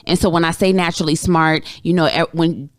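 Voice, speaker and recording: A woman therapist co-hosting a podcast, explaining things in a measured, reflective way. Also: sits low, steady tone, no echo, clean studio sound. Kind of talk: casual podcast conversation.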